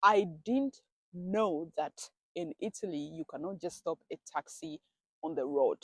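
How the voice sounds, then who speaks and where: A woman's voice: on the low side, very animated, measured pace, creaky, husky, dry recording. A woman telling a casual storytime vlog, chatty and dramatic, often talking to herself. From grew up in a village abroad. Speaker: vlogger.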